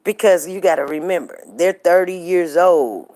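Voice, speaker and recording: Chatty low-voiced woman host. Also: normal speed, darkish tone. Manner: chatty, storytelling, addresses viewers directly. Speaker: live show host. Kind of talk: casual chat to viewers.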